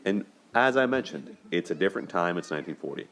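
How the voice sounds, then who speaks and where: A man's voice: low-pitched, expressive, fast talker, a bit bright. A young man hosting a solo video, talking through a film's relationships in an earnest, conversational way. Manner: earnest, conversational, repeats words when restarting. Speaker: host discussing relationships.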